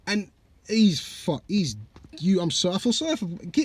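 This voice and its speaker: A man's voice: high-pitched, very animated, moderate pace, husky, no echo. A young man giving casual reaction commentary, blunt and mocking, full of swearing and slang. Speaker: reaction channel host.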